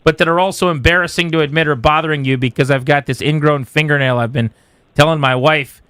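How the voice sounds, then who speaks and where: A man's voice: fairly high pitch, steady tone, fast, fairly bright tone, smooth, dry recording. A man hosting a sports radio show in casual chat, talking in a chatty way with frequent restarts. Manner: chatty, self-interrupting. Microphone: studio microphone.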